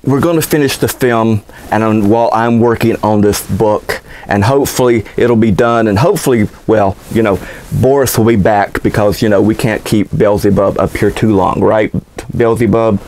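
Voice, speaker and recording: A man's voice: lowish voice, steady tone, moderate pace, a little mellow, rough recording. A man hosting a horror movie show, with rambling, playful patter full of hesitant fillers. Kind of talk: campy host patter.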